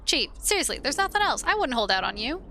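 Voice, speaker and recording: A woman reading the lines of a sly, wisecracking male skull who talks quickly to wriggle out of questions. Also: high-pitched, sing-song, creaky, sharp tone, a little hiss or hum, full character voice. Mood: defensive. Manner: chatty, wheedling, defensive.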